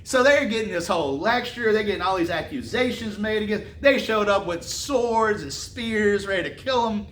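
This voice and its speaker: A man preaching a sermon who reads scripture slowly and then retells it in casual slang. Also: sits high, expressive, fairly bright tone, roomy sound.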